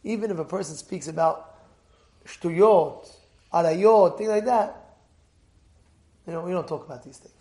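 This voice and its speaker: Male Torah teacher with a high voice, animated and laughing, repeats himself a lot, casual class. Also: a little slow, pauses often. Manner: animated storyteller, repeats words, laughs often.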